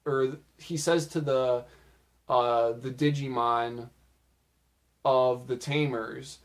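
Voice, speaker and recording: A man's voice: medium pitch, steady tone, slow pace, pauses often. A young man casually recapping funny anime moments, chatty and loose, with lots of filler words. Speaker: video creator.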